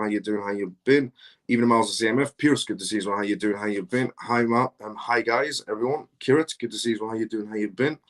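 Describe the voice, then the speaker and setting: Male live-stream host, lower voice, casual chat, repeats greetings to each viewer. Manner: repetitive greetings, conversational.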